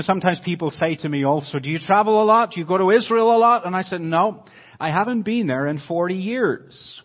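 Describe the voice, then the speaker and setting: A man in his fifties preaching to a church congregation as a visiting mission speaker, swinging from loud declarations to hushed drops. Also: mid-range voice. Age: 50s. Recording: dull lo-fi recording.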